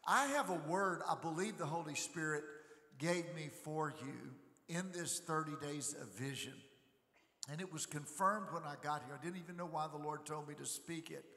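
A man's voice: fairly high pitch, moderate pace, pushed and bright. A man preaching a sermon as a guest preacher, telling jovial stories and asking the congregation to respond. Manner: jovial storytelling, asks crowd to respond. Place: large church sanctuary. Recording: echoey church hall reverb.

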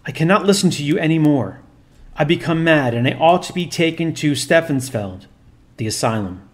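A man's voice: fairly high pitch, expressive, moderate pace, lightly acted. A man reading as a raving possessed boy. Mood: frantic.

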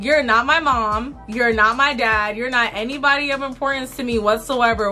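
A young woman with a bright, tense voice, a little higher than most, tells an exasperated storytime while getting ready at home. She talks in slang, loops back on herself and repeats lines for emphasis. Soft music sits faintly under her. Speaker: beauty vlogger. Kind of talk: storytime chat while doing makeup.

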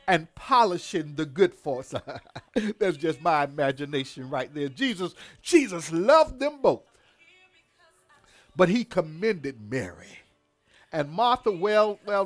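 A man pastor delivering a devotional sermon, repeating words and calling out hallelujahs in a preacher's cadence. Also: on the high side.

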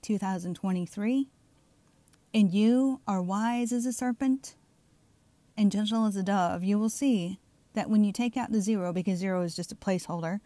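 A fired-up middle-aged woman with a Southern drawl delivers an insistent online sermon, leaning on her points and checking in with the listener again and again. Her voice is mellow and low in brightness, recorded close and dry with almost no room sound. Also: no echo. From Southern United States. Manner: emphatic, keeps asking "okay?". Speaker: online preacher. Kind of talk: fiery religious commentary video.

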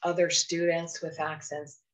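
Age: adult. Sex: woman. Origin: Canada. Role: phone communication trainer. Style: encouraging webinar talk, slightly low voice. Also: little pitch movement, unhurried, rough recording. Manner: earnest, encouraging, with frequent "you know" asides. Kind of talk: webinar presentation.

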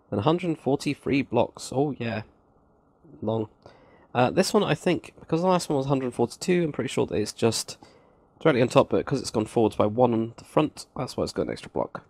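Brief: male tutorial host, gravelly voice, dry close sound, chatty and self-mocking. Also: mid-range voice, darkish tone, dry recording. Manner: counts blocks aloud, chatty asides, self-mocking. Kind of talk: casual screen-recorded building tutorial.

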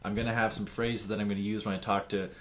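A man's voice: on the low side, level tone, fast, fairly bright tone. A man co-hosting a podcast, chatting casually in a playful, teasing way. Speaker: podcast co-host. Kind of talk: casual chat.

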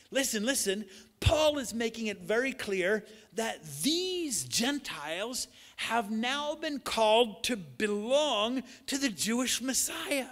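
A male pastor preaching a sermon with emphatic delivery, building up to shouted, repeated lines. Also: extremely high pitch. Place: church sanctuary. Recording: long church hall reverb.

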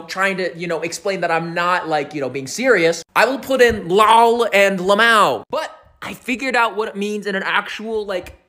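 A man's voice: high-pitched, bright, forceful tone. A man talking casually and sassily to a phone camera, ranting in short comic bits. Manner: casual, sassy, rants.

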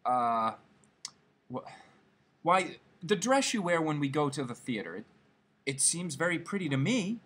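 A timid clerk husband stammers and coaxes, keen to please, as a male reader puts him on. His voice is husky and lively, rising and falling as he talks, in a storybook read aloud. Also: on the high side, moderate pace, pitched above the performer's own voice, full character voice. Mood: eager. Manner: stammering, hopeful.

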